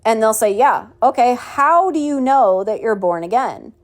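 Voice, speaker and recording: A woman's voice: on the high side, lively intonation, normal speed. A woman teaching a Bible study in a preachy, mocking tone, asking rhetorical questions and reading scripture aloud. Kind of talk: home Bible study sermon.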